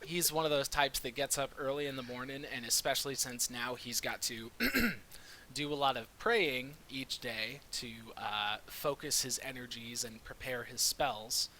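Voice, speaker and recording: Playful bright-voiced man with faint hiss. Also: mid-range voice, normal speed, low-quality recording. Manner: playful, laughs often. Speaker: player. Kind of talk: tabletop game chat.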